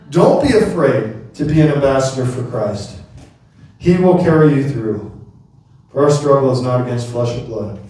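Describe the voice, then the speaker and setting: Middle-aged male preacher, storytelling sermon, booming hall echo. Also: a little mellow. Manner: storytelling preacher, calls out amen to the congregation. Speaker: pastor. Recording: very echoey hall, mic from a distance.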